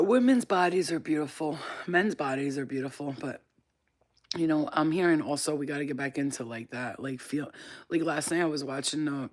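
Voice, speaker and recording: A woman's voice: sits low, darkish tone. Candid, laughing woman from upstate New York. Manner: candid, swears freely, laughs often. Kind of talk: casual livestream chat.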